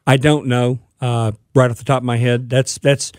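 A man's voice: medium pitch, flat delivery, normal speed, no echo, studio quality. A man on a radio show giving plainspoken advice about buying and leasing cars, with frequent fillers. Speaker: car-buying advisor, radio show regular. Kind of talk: casual radio talk.

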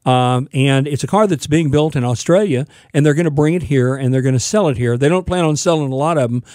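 Mellow-voiced man giving car advice. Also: fairly high pitch, fast, no echo, studio quality. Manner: plainspoken, advice-giving, frequent fillers. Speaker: car-buying advisor, radio show regular. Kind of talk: casual radio talk.

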